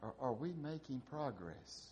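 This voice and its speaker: A man's voice: medium pitch, animated, unhurried, darkish tone, a little hiss or hum. A man preaching a sermon, asking repeated rhetorical questions and building to emphatic peaks.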